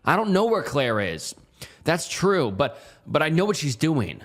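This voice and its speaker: A man's voice: fairly high pitch, very animated, unhurried, voice pushed up. A man voicing a scared, guilty teenage girl who stammers and keeps apologizing. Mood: nervous.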